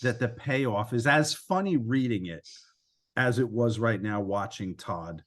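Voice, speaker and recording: A man, a co-author and interview guest, recounting stories in a relaxed, explanatory way. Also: medium pitch, a little slow. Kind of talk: conversational storytelling.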